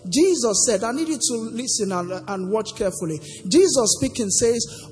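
A man's voice: very high-pitched, expressive, normal speed, hardly any pauses. A man preaching a sermon, asking the congregation to finish the verses with him. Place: church sanctuary. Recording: long hall reverb with faint music.

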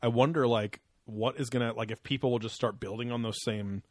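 A man's voice: mid-range voice, steady tone, a little fast, no room sound. A man co-hosting a podcast, talking in loose, crude banter full of fillers and frequent laughs. His voice sits in the middle range for a man. It is recorded close and dry, with no room sound. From West Coast of the US. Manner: laughs often, rambling with many fillers. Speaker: podcast co-host. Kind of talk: casual crude chat.

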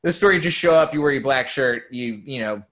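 Young man, casual storyteller, lively and profane, mid-pitched voice. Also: a little fast. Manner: animated storyteller, swears freely, quotes people in lively bursts. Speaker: former comedy club staffer. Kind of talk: casual podcast chat.

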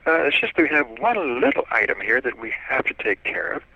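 A man putting on the voice of a prank caller who poses as a prim female official, in a quiet, small voice with polite, officious manners. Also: medium pitch, very animated, a little fast, gravelly, dry recording, highs cut off, pitched above the performer's own voice. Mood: mock-official. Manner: polite, officious, feigning concern.

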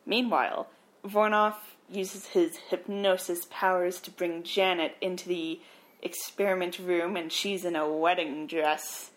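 A woman co-hosting a podcast walks through a film's plot in casual chat. Her storytelling is animated, and she drops wry asides along the way. She sounds relaxed and conversational. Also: on the low side, unhurried. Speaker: podcast co-host. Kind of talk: casual movie recap.

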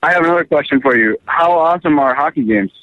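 A man co-hosting a podcast, chatting in a goofy way with quick laughs and a sheepish streak. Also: on the high side, a bit bright, muffled recording, slight background noise. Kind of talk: casual comedic chat.

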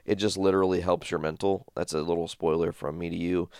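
A man's voice: low voice, quick pace, smooth, no echo, studio quality. A man casually telling a long story from home, rambling and swearing often as he retells what happened. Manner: profane, rambling, animated retelling. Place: home studio.

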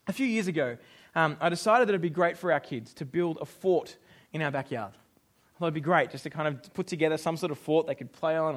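A man, preaching a casual sermon and acting out voices in his stories. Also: a little high. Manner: animated storytelling, acts out quotes. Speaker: pastor.

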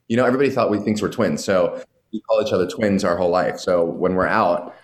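A man, a guest from New York, telling animated stories in casual chat and swearing freely. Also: sits low, slight background noise. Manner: animated storytelling, heavy swearing, quick asides.

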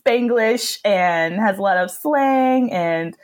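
A young woman from New Mexico co-hosting a relaxed podcast. She talks chattily, laughs often and fills gaps with likes and ums. Her voice sits at an ordinary middle pitch. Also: takes it slowly. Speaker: podcast co-host. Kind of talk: casual chat.

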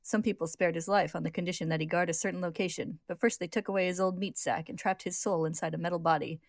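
A woman narrating a story recap in a lively, casual way, acting out the characters. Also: on the low side, dry recording, studio quality. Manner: lively, brisk narration with acted voices.

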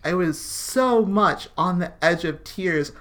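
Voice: medium pitch, slow, fairly bright tone. Rambling podcast co-host, loose and jokey. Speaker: podcast co-host recapping a TV episode. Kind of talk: casual chat.

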